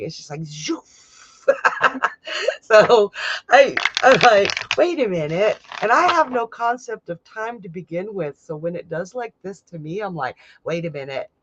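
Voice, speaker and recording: A man's voice: high voice, muffled recording, noisy background. A man hosting a live stream as a psychic, giving casual tarot readings to viewers in a chatty way and laughing often.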